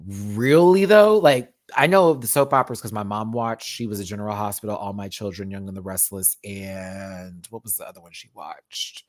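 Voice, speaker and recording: A man hosting a live-stream review, chatting casually and swinging from loud outbursts to muttered asides. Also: lowish voice. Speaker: YouTube reality TV reviewer.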